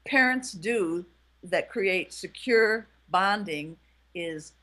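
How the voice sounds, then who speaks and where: A woman relationship expert and author, explaining in a calm, measured, gently instructive way. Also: medium pitch. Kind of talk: explaining in conversation.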